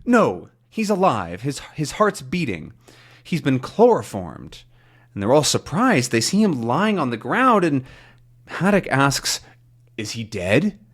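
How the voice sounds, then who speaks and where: A man teaching English to learners, reading a comic aloud with slow, clear explanations. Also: mid-range voice, big pitch swings, a bit bright.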